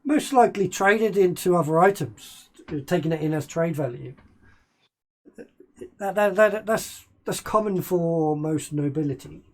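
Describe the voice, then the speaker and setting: A man running a tabletop game as game master narrates and voices a merchant. His voice is on the high side and unhurried, and his improvised phrasing is hesitant, full of ums and restarts.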